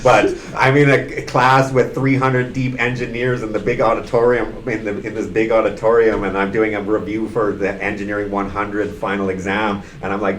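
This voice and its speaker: A man's voice: mid-range voice, moderate pace, hardly any pauses, roomy sound, slight background noise. A man who teaches university math, talking casually on a panel and telling stories with animation and frequent laughter. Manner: animated storyteller, laughs often. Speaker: math instructor.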